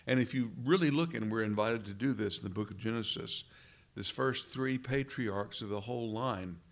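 A pastor leads prayer and preaches in an earnest, measured manner, frequently ending lines with rhetorical questions. His voice is mid-range, with some vocal fry.

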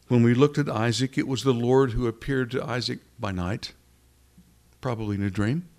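Preacher, male, mid-pitched voice, earnest sermon delivery with repeated phrases for emphasis. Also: moderate pace, darkish tone.

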